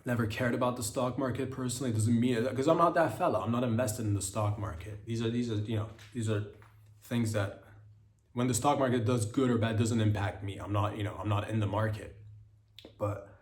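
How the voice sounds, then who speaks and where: A man in the middle of his pitch range rambles through a comedic solo podcast, looping back on himself with plenty of fillers. He breaks into lively mock quotes and exclamations. The room around him is noticeably echoey. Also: fairly quick. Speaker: podcast host.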